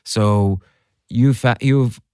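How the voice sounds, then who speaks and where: A man hosting a podcast interview, asking questions in a halting way that repeats words and restarts. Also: medium pitch, darkish tone, clean tone, no echo, studio quality. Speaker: podcast host.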